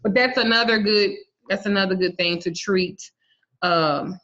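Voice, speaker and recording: This herbal and spiritual teacher talks at a medium pitch, a touch slow, with a fairly bright tone. Her casual online herb lesson is profane and bawdy, delivered bluntly, and she jokes along the way while spelling out herb names one letter at a time. The recording sounds muffled and lo-fi.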